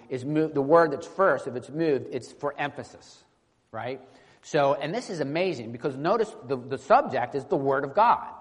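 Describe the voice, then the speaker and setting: Man preaching in a reverberant hall. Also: mid-range voice. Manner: conversational preaching with frequent restarts and "right?" check-ins. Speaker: pastor. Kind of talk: expository sermon with scripture reading.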